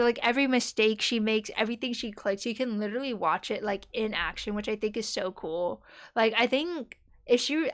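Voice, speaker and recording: A young woman streamer chatting casually with her viewers, rambling and giggling and dropping playful slang. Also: on the high side.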